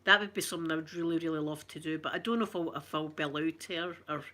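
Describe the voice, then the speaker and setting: Bright-voiced chatty Scottish woman. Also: sits low, very fast. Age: middle-aged. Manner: chatty, rambling storyteller reading out viewer comments. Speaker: ASMR streamer. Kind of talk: casual live chat.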